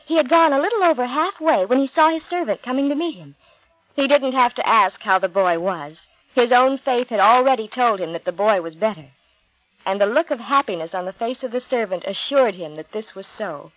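Woman storyteller, Bible storybook narration, expressive, deliberate, slightly high, dry close sound. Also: no echo, low-quality recording. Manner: slow, expressive, deliberate reading.

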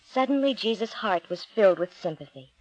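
A woman narrating a Bible storybook in a slow, expressive, deliberate reading. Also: mid-range voice, no echo, highs cut off.

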